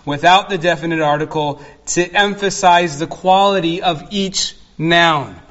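A man preaching an expository sermon as pastor, slow and earnest, dwelling on single words. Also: on the high side, fairly even intonation, a bit bright, highs cut off.

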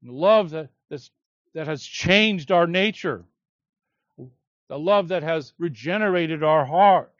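A man preaching an expository sermon, voice pitched fairly high and delivery unhurried. He leans into key words with emphatic repetition. The recording is dry and somewhat dull. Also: a bit bright, no echo.

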